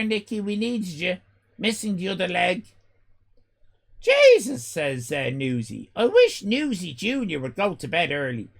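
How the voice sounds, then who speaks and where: An Irish man in his fifties hosting a live stream, loud and exclaiming, swearing and joking as he reacts to chat. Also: high voice, gravelly. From Ireland. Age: 50s. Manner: loud, exclaiming, swears and jokes, rambling restarts.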